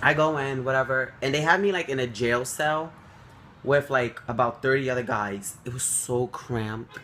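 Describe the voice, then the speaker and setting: A young man telling a story to the camera, animated and swearing freely, acting out quotes. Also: moderate pace, a little hiss or hum. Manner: animated, swears freely, acts out quotes with big jumps up in pitch. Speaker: vlogger.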